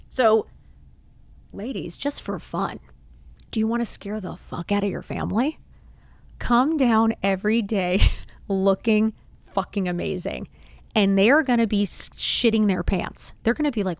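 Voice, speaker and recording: Blunt animated woman with a dry sound. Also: medium pitch, normal speed, dry recording. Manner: animated, blunt, swears freely, acts out quotes. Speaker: podcast host. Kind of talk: casual motivational talk.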